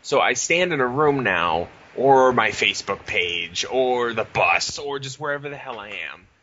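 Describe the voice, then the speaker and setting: A young man hosting a casual podcast, telling profane, animated stories with quoted dialogue. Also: medium pitch, moderate pace, muffled recording, slight background noise. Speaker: podcast host.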